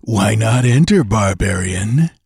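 A man's voice: fairly low pitch, lively intonation, measured pace, darkish tone, slightly rough, no echo, studio quality, full character voice. A man voicing a huge, arrogant temple brute who speaks mockingly in a storybook reading. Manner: mocking, laughing.

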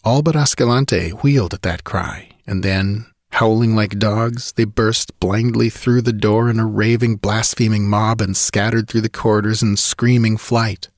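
Low-voiced man narrating an audiobook. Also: steady tone, unhurried, few pauses, dry recording, studio quality. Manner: vivid, driving storytelling.

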